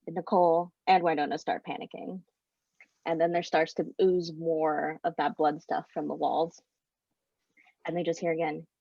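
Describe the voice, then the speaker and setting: A woman's voice: lowish voice, warm tone, dry recording. A woman improvising a story in a game with casual, giggly narration, over slightly muffled audio. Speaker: player.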